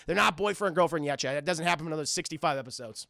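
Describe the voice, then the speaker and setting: A man streams a rowdy, profane episode recap and talks straight to his chat. His voice is high and bright with a gravelly rasp, recorded close and completely dry. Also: very fast, hardly any pauses, dry recording. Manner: animated and profane, addressing chat. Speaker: streamer reviewing a cartoon. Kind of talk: casual livestream recap.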